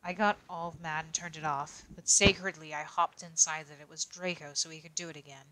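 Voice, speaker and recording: A woman's voice: deep voice, steady tone, fairly quick, pushed and bright. A woman voicing a shy teenage boy detective, reading a fan story aloud on a livestream with stumbles, restarts and weary asides. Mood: reluctant reading. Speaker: voice actor on a livestream.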